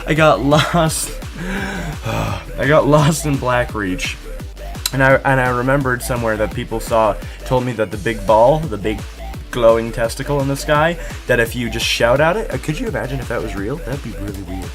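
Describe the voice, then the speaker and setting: A man's voice: medium pitch, animated, moderate pace, music in the background. A young man hosting a gaming channel, giving a goofy, rambling casual recap of his playthrough. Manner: goofy, rambling, jumps between whispers and squeals. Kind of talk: casual video game recap.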